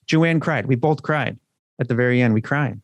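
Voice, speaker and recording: A man's voice: medium pitch, normal speed. A man co-hosting a podcast in loose, joking banter, swearing freely as he chats. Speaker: podcast co-host.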